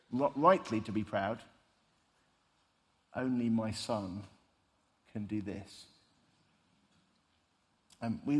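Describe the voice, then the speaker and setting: Male preacher, mid-pitched, conversational sermon delivery, long hall reverb. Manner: storytelling, emphatic, conversational.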